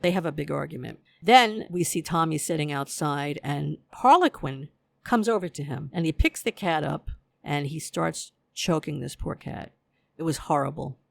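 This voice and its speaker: Gravelly-voiced TV recap host. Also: mid-range voice, expressive, normal speed, dry recording. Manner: retells scenes by acting out characters' lines. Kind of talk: casual episode recap.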